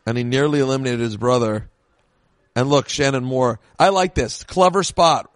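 A man talking casually on a podcast while an old match plays, cracking jokes and drifting into rambling asides. His voice sits at an ordinary middle pitch. The sound is dry, with no room echo. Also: normal speed. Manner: chatty, jokey, rambling asides. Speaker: podcast co-host.

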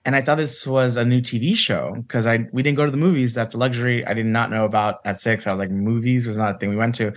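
A man's voice: medium pitch, steady tone, fast, hardly any pauses. A man from Santa Ana, California, a guest actor telling stories in a chatty interview, full of "like" and "you know.". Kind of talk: casual storytelling interview.

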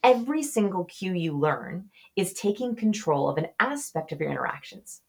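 Husky lower-pitched woman, guest on a podcast, fast lively explainer. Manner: quick, expressive explainer who acts out example voices. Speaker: author and researcher guest. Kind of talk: podcast interview.

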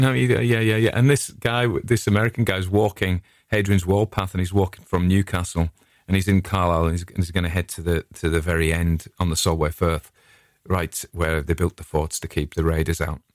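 A man's voice: low-pitched, little pitch movement, brisk, no echo, studio quality. A middle-aged English man chatting casually, a digressive and friendly storyteller who hosts his own show. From England. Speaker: podcast host. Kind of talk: casual rambling chat.

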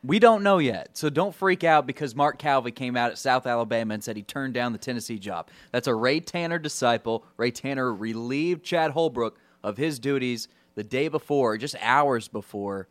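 A man's voice: medium pitch, moderate pace, hardly any pauses, fairly bright tone, no echo. A man co-hosting a sports talk show, confident and emphatic, building up points with lists of names. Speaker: sports radio co-host. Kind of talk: casual sports chat.

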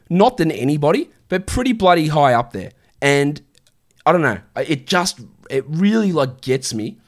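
Blunt, swearing fantasy basketball streamer. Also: male voice, mid-range voice. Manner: blunt, swearing, exasperated rants. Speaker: fantasy basketball streamer answering viewer questions. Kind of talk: casual livestream Q&A.

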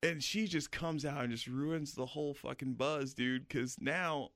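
A man's voice: medium pitch, steady tone, unhurried, a bit bright, no room sound, studio quality. Profane rambling comedian man. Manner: crude, profane, rambling anecdote. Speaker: comedian, podcast co-host. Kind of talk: casual podcast storytelling.

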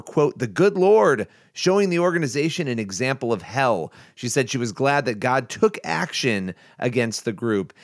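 A man's voice: mid-range voice, no echo, studio quality. A man co-hosting a faith news podcast, recapping a story conversationally with fillers and restarts. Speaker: podcast co-host. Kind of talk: news commentary chat.

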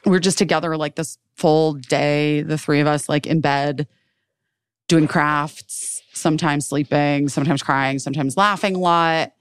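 In a clean studio recording with no room sound, a low-voiced woman speaks at a measured pace in a clean tone. As a podcast co-host, she tells a casual story, playing out her friends' quotes with lots of swearing and "like."

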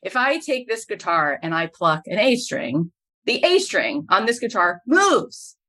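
A woman's voice: medium pitch, very animated, measured pace, sharp tone. A middle-aged woman, a podcast host and business coach, telling stories as a guest in an interview and building each anecdote to its punchline.

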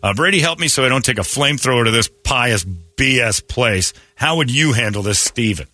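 A man with a husky but bright voice hosts morning radio and talks bluntly. His pitch swings widely as he jokes and reads listener mail aloud. He sounds low-pitched and animated. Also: a little fast, no echo. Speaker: radio show host. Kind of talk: casual morning radio banter.

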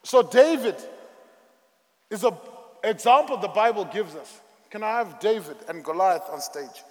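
Male preacher, high and very lively voice, slow emphatic sermon, echoey church hall. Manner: dramatic, emphatic, drawn-out phrasing.

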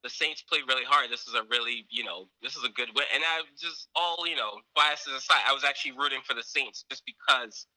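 A man co-hosting a casual sports talk show, retelling a game in a rambling, animated way full of fillers. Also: mid-range voice, brisk, hardly any pauses, dry recording, poor audio. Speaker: sports podcast co-host.

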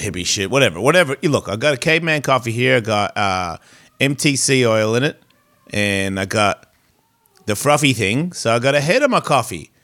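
Recording from a home studio where his pet cat hangs around, a man hosts a podcast with loose, profane, rambling chat that easily wanders off topic. His voice sits in the mid range and is a bit bright.

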